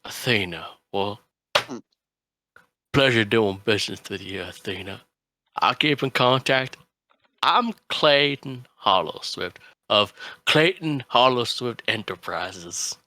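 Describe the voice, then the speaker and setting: A man playing a brash, smooth-talking man who runs a shady business, pitching like a salesman with loud bursts. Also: expressive, slow, a little hiss or hum, heavily acted. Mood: salesy.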